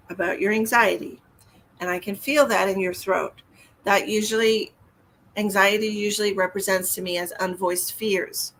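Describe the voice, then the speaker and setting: A woman's voice: mid-range voice, a bit bright, a little hiss or hum. A woman giving live psychic readings on a stream, speaking soothingly and calling viewers hun and honey. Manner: soothing, calls viewers hun and honey, reads comments aloud.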